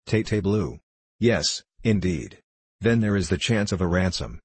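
A man's voice: sits low, animated, unhurried, a little mellow, breathy edge, dry recording, full character voice. A man voicing a boastful, swaggering English archer soldier who talks freely and heartily. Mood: hearty boasting. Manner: hearty, boastful, free-spoken.

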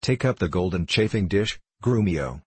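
A man's voice: low-pitched, animated, moderate pace, darkish tone, slightly rough, no echo. A man reading a lofty, impulsive little girl. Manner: lofty, bossy play-acting.

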